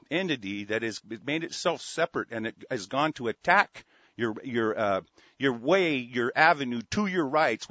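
A man's voice: mid-range voice, a bit bright, no room sound. A man hosting a talk radio show, ranting furiously with heavy swearing and many stumbling restarts. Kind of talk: angry call-in radio rant. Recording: dry, dull lo-fi studio sound.

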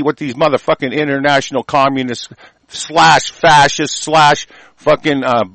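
A man's voice: a little high, dry recording, low-quality recording. A man hosting a talk show, delivering an angry political rant packed with profanity and insults. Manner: swears constantly, shouting insults.

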